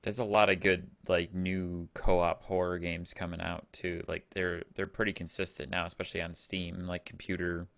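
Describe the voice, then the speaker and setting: A man's voice: sits low, flat delivery, moderate pace, gravelly, hardly any pauses, fairly bright tone, no room sound. A man co-hosting a gaming podcast, explaining things at an easy pace in casual chat. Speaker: podcast co-host.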